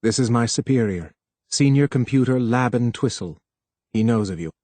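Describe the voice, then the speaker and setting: A man's voice: mid-range voice, expressive, normal speed, darkish tone, dry recording, natural voice. A man voicing a tense, stubborn young male technician in an audiobook, speaking tersely and urgently. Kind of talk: audiobook character voice.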